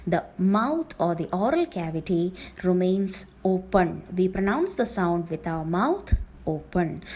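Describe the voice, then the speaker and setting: A woman teaching phonetics in an explanatory lecture, slow and careful, repeating key terms. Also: medium pitch, a little mellow.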